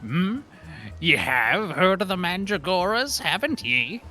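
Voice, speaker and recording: A man voicing a gruff, crotchety old merchant with blustery old-timey speech, over faint music. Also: high voice, very animated, unhurried, sharp tone, full character voice, low-quality recording. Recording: music playing underneath.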